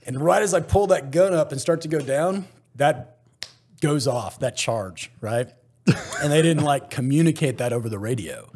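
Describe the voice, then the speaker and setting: Male podcast guest, husky and slightly high, animated storyteller who swears and laughs a lot. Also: normal speed. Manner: animated, acts out other people's lines, laughs often, swears. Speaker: guest, former special forces soldier. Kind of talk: casual storytelling.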